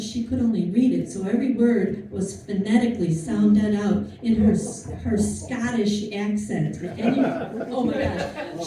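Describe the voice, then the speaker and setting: A woman's voice: on the high side, mellow. A woman giving an informal history talk to an audience, chatty and storytelling, with asides and fillers. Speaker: lecturer. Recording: distant mic in an echoey room with faint noise.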